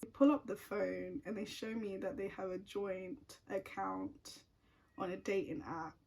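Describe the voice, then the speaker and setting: A woman's voice: mid-range voice, a little slow, creaky, a little mellow. A young woman telling a personal story at home in a chatty, casual way, full of "like" fillers. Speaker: vlogger.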